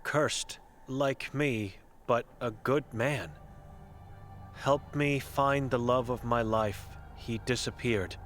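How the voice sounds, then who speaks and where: A man's voice: mid-range voice, takes it slowly, fairly bright tone, faint music behind. A man voicing a grim, guilt-ridden old blind woman in a video game, speaking in terse, broken phrases. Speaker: game character.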